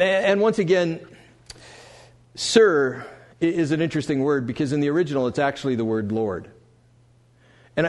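A man preaching a sermon to a congregation, swinging between loud emphasis and quiet asides. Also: fairly high pitch. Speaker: pastor. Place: church sanctuary before a congregation.

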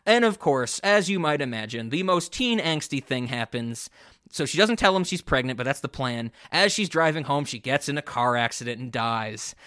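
A man co-hosting a laid-back podcast tells a story at a moderate pace in a medium-pitched voice. His retelling is animated and rambling, full of cursing and many restarts.

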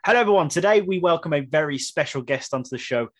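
A man's voice: a little high, expressive, fast talker, fairly bright tone. A man co-hosting a podcast, chatting with enthusiasm and reading a guest introduction earnestly. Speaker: podcast co-host. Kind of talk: casual podcast chat and scripted intro.

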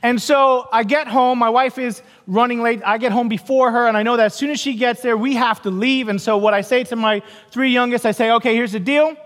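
A middle-aged male pastor with a strikingly high voice preaches in a church sanctuary, and his words ring out with a long reverb. He tells stories with quoted voices and wry, self-mocking humor. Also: steady tone, fairly quick, hardly any pauses, a bit bright. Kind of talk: sermon.

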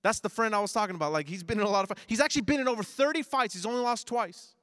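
Male pastor, 30s, high voice, bold sermon delivery, sudden quiet asides, dry close sound. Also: very fast, no room sound. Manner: animated preacher, swings between loud emphasis and low asides.

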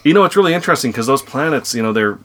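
A man's voice: medium pitch, lively intonation, very fast, bright, forceful tone. A man in his thirties with an Upper Midwest accent, chatting casually and rambling as a podcast host with his kids. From North Dakota. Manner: chatty, rambling, laughs easily. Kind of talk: casual family chat.

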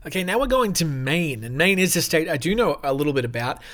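A man's voice: a little high, big pitch swings, fast talker, fairly bright tone. A man hosting a reaction video, reading an article aloud and breaking off for joking asides, swearing freely and chuckling mid-sentence.

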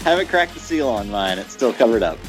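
A man with a lively, swinging intonation talks easily on a relaxed podcast. Faint music sits behind him. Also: mid-range voice, brisk, low-quality recording. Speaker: co-host. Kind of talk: casual podcast chat.

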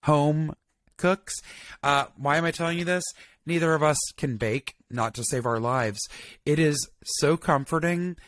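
A man co-hosting a podcast, telling stories in an animated, chatty way. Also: a little high, measured pace. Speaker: podcast co-host. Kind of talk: casual chat.

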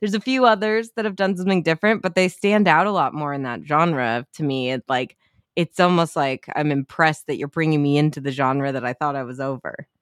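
A young woman with a low-sitting, clear and resonant voice talks fairly quickly while co-hosting a podcast. Her casual chat is full of laughter and free swearing, captured in clean studio sound with no echo.

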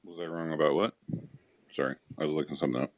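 A man's voice: rumbling low, fairly even intonation, quick pace, no room sound, muffled recording. A man co-hosting a podcast, explaining things plainly in casual chat. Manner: matter-of-fact, explains plainly. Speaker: podcast co-host.

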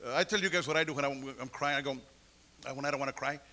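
A man preaching a testimony, telling his story and acting out the people in it, at times rising to shouts. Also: medium pitch, rapid-fire. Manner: storytelling, acts out voices, builds to shouts. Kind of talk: sermon testimony.

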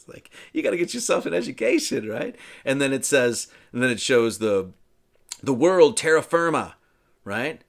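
A man's voice: medium pitch, a bit bright. Rambling male film commentator. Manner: rambling, keeps asking right?; acts out characters' lines. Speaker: host.

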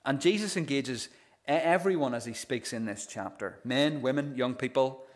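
A man's voice: mid-range voice, normal speed. A male pastor delivering a sermon earnestly, retelling a parable and often repeating first sounds as he starts phrases. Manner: earnest, storytelling, frequent stammered restarts.

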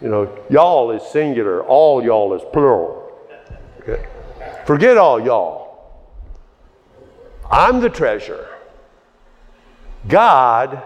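Male preacher, slow delivery, conversational sermon rising to emphatic peaks, big reverberant hall. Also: medium pitch, sing-song, muffled recording. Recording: long reverb of a large hall.

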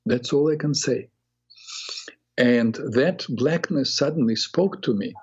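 An older man, a psychotherapist hosting a talk show, telling a personal story in an earnest, reflective way with halting restarts. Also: medium pitch, a little mellow, breathy edge. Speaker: radio show host and psychotherapist. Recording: dull lo-fi radio audio.

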